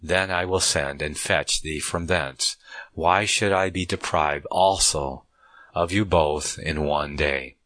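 A man with a bass voice and fairly bright tone teaches from the Bible, reading passages aloud at a measured pace. He breaks off to comment conversationally, often restarting sentences, and there's no room sound.

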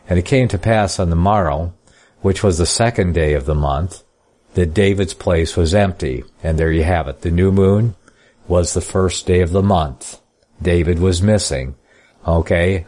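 A man with a very low voice teaches a Bible study. He reads scripture in an old formal style, then drops into plainspoken, folksy asides to explain it. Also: a little mellow. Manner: reads scripture in King James style then comments casually. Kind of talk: Bible study reading and commentary.

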